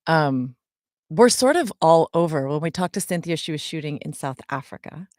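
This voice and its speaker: A woman's voice: low-pitched, animated, moderate pace, darkish tone, no echo, clean studio sound. A woman in her forties, co-hosting a podcast and answering fan questions in a chatty way, with many ums and small laughs. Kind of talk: casual podcast chat.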